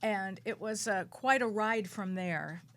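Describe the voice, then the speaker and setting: A woman who works as a psychic medium, a guest on a radio talk show, telling her story in an animated, dramatic way and repeating words for emphasis. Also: measured pace. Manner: animated, dramatic storytelling with big swings in pitch and loudness.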